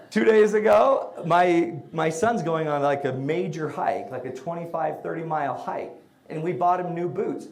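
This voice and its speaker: A middle-aged man giving a humorous storytelling talk about parenting to an audience, comic and animated, breaking into shouted bursts. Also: a little high, normal speed.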